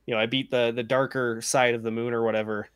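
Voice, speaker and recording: A man's voice: medium pitch, little pitch movement, fast, clean tone. A man co-hosting a gaming stream, telling stories in a laid-back way, laughing often and swearing casually. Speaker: stream co-host.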